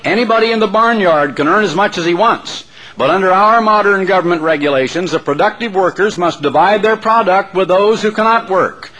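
A man's voice: high voice, a little fast, bright, forceful tone, voice pushed up, rough recording. A man voicing a smug government agent lecturing in a storybook read aloud.

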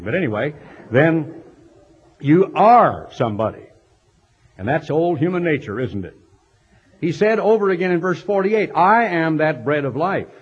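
A man preaching a sermon in an animated way, reading scripture and acting out the voices of the crowd. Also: on the high side, moderate pace, breathy edge. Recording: dull lo-fi recording.

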